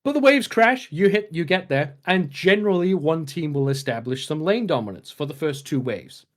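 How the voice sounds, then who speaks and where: A man co-hosts a gaming podcast, chatting casually and explaining strategy at length while often restarting with fillers. His voice is fairly high and animated, and he keeps a moderate pace.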